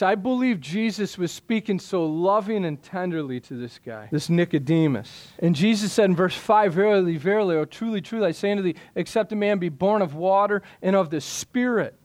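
Male pastor, middle-aged, high voice, emphatic sermon delivery with repeated punchlines. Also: darkish tone. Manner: emphatic, repeats key phrases, drops low for stress.

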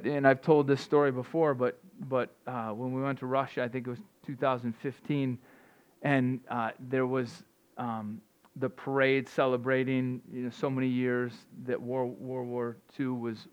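A man's voice: medium pitch, little pitch movement, measured pace, smooth. A man preaching an informal sermon in a conversational way, often repeating and restarting words. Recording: dull lo-fi sound.

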